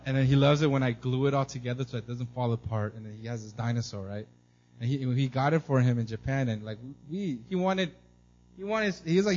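A man's voice: medium pitch, muffled recording. A man in his thirties preaching a conversational sermon, telling family stories and often asking "right?". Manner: animated storytelling, acts out his son's excited squeals. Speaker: pastor.

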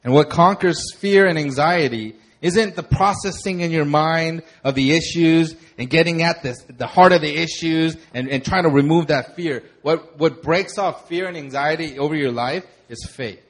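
A young man preaching, his voice sitting a little higher than most men's. He speaks conversationally, moving from quiet, earnest reflection into lively, laughing stories. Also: normal speed, few pauses. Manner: conversational, animated storytelling with laughter. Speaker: pastor. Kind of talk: sermon.

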